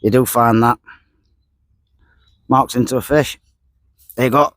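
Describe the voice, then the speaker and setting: A man's voice: mid-range voice, fairly even intonation, measured pace, a bit bright, no room sound. Chatty man fishing outdoors. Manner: chatty, drops articles, repeats himself. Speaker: fishing vlogger. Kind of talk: casual talk to camera while fishing. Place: lakeside outdoors.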